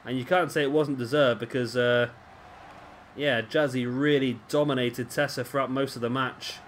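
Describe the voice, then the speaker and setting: A man's voice: mid-range voice, fairly even intonation, moderate pace, slight background noise. A man giving casual, rambling commentary over a wrestling video game and often correcting himself. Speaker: gaming commentator.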